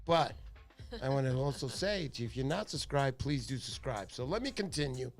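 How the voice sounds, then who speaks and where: A man's voice: mid-range voice, lively intonation, fairly quick, faint music behind. A middle-aged man hosting a fishing channel livestream, chatting casually and joking with viewers.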